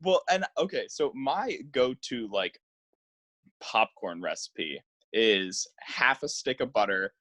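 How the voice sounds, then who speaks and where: A young man co-hosts a casual podcast, rambling through his thoughts with frequent "like"s and false starts. His voice sits at an ordinary middle pitch, and the recording is dry and close. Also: lively intonation, slow, fairly bright tone, no room sound. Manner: rambling, hesitant with restarts and "like". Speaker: podcast co-host. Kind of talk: casual chat.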